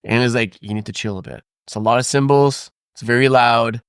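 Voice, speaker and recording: A man's voice: medium pitch, a little fast, smooth, no room sound, clean studio sound. A man, a drummer guest on a podcast, talking casually with lots of fillers and restarts. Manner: relaxed, rambling with many fillers. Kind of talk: casual interview chat.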